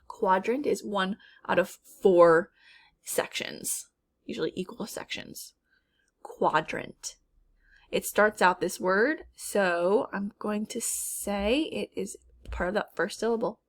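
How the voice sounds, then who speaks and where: A woman from Minnesota teaching a phonics lesson, drawing out and repeating each word to model its sounds. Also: mid-range voice. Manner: slow, drawn-out word modeling.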